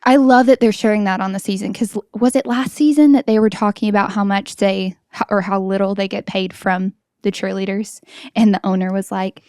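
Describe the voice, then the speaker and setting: A woman's voice: mid-range voice, fairly even intonation, a little fast, darkish tone, clean tone, dry recording, studio quality. A woman co-hosting a podcast, chatting casually and telling stories with quoted voices. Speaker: podcast co-host. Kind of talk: casual chat.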